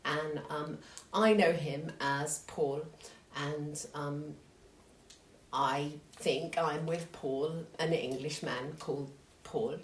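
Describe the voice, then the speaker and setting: A woman telling a true story to an audience in an unhurried, conversational, self-deprecating way. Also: low-pitched, fairly even intonation. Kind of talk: live storytelling. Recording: echoey hall, distant mic, faint noise.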